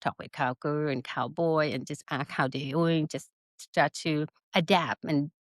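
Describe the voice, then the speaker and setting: A middle-aged woman with a Thai accent, a spa business founder telling her story in an interview in lively, broken English. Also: low-pitched, unhurried, no echo, studio quality. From Northern Thailand. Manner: animated storytelling with broken English, laughs often.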